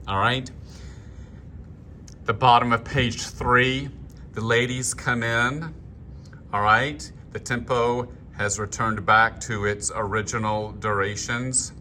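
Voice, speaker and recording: Slow, bright-toned male choir director. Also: slight background noise. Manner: slow, deliberate explaining, singing phrases in falsetto. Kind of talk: rehearsal talk-through with sung demonstrations. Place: room, filming himself. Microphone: handheld camera.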